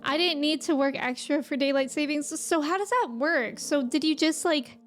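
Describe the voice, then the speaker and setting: Young woman, streamer, casual chat, giggly, high voice, faint background music. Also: normal speed. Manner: chatty, giggly, reads out viewer comments. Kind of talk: casual chat with live viewers.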